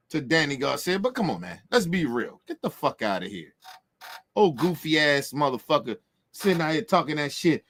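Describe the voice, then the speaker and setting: A man ranting with brash, mocking energy. His voice sits high and swings widely in pitch. He keeps hammering his points in profane, emphatic bursts. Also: a bit bright. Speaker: boxing commentator. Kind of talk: heated opinion rant.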